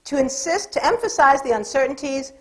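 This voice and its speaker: A woman delivers a lecture in a measured, steady voice, pitched a little higher than most. She drops dry, wry asides as she goes. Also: low-quality recording. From California, United States. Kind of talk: public lecture.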